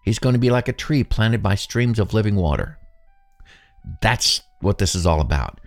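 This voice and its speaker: Deep-voiced man in his sixties, musing. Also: lively intonation, normal speed, gravelly, faint music behind. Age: 60s. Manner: musing, conversational, self-deprecating. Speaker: podcast host. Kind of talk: reflective solo podcast monologue.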